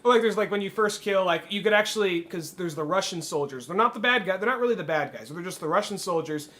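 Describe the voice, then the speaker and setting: A podcast co-host with a high, sharp, expressive male voice talks fast in casual chat. He sounds hesitant, says "like" constantly, and laughs his way through his lines.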